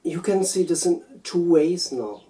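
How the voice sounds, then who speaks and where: A man from Germany with a German accent, speaking unscripted personal reflections in a hesitant, halting way with repeated words. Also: a little high, animated, mellow, far from the mic, rough recording. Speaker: video essayist.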